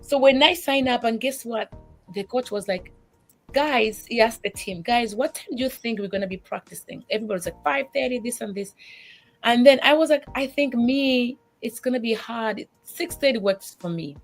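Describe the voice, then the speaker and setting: A woman tells her story as a single mother with animated feeling, tearing up as she goes. She often stumbles and restarts her sentences. Faint music plays softly behind her. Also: a little high, normal speed. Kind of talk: emotional testimony in a faith talk show.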